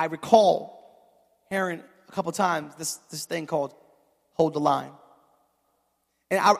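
A man preaching a sermon, telling stories in a chatty way that builds to shouted peaks and calls on the crowd for an amen. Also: sits high, long reverb tail. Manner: storytelling, builds from chatty asides to shouted climaxes; calls for audience response.

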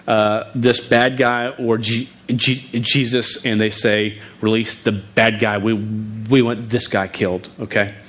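A man's voice: mid-range voice, low-quality recording. Stuttering man preaching a sermon. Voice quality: stutters on word beginnings. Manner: earnest, informal, restarts often. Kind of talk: sermon with scripture reading.

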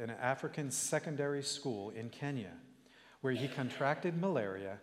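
Earnest male preacher in an echoey church. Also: medium pitch. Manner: earnest, measured storytelling with rising exhortations. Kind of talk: sermon.

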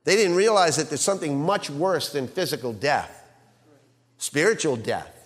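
A male pastor preaching a sermon, swinging between loud emphasis and hushed quiet and asking the congregation rhetorical questions. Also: fairly high pitch, animated, moderate pace, in a large hall.

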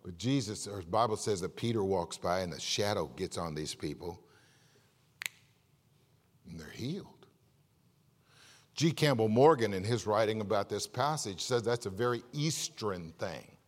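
Animated storytelling male pastor. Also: fairly low pitch, normal speed, few pauses, in a large hall. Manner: storytelling, animated, repeats words. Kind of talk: sermon with jokes. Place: church.

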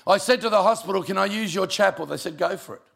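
Gravelly pastor telling a story. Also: male voice, sits high, fast talker. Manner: gravelly voice, humorous, drops quiet for emotional moments. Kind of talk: storytelling sermon.

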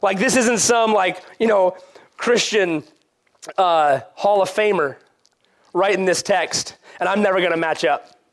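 A middle-aged pastor preaching a casual, conversational sermon that moves between animated and quiet passages. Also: male voice, sits high, measured pace.

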